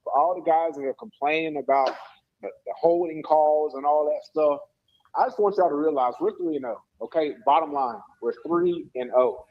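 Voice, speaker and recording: Male caller, chatty, slightly high voice, muffled phone line. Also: normal speed. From Georgia. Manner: casual, chatty. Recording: dull phone-line call.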